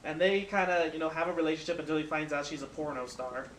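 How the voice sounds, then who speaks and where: A young man hosting a casual chat, telling animated stories with friends in a room. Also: fairly high pitch, fast. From Filipino. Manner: animated storyteller, acts out quoted people. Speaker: podcast host. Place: room with friends smoking hookah. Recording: echoey room with faint background noise.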